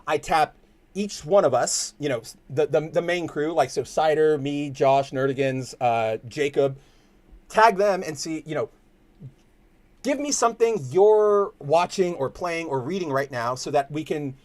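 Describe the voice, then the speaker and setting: A man's voice: on the high side, lively intonation, measured pace, darkish tone. A young man with a Californian accent, hosting a casual livestream and rambling to his chat in slangy, loose talk. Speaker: stream host.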